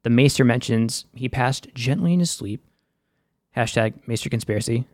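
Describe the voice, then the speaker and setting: A man's voice: medium pitch, moderate pace, a little mellow, no room sound, studio quality. A young man with a Boston accent hosting a casual, slangy and opinionated episode recap. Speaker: show recap host.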